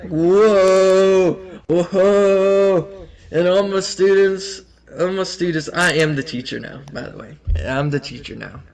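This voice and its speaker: A young man telling a rambling, crude story in casual chat, animated and often laughing. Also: on the high side.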